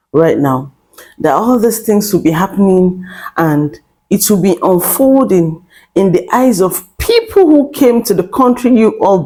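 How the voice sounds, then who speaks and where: A woman's voice: mid-range voice, mellow, low-quality recording. A woman hosting a commentary channel, talking straight to her viewers in an emphatic, repetitive and mocking way. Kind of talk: direct-to-camera commentary.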